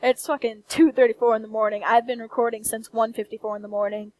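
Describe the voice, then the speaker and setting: A young woman with a country accent, ranting in a soft-spoken late-night vlog, candid and blunt with frequent swearing. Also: a little high, little pitch movement, fast talker, no echo, rough recording. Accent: American country. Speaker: vlogger. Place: quiet room late at night.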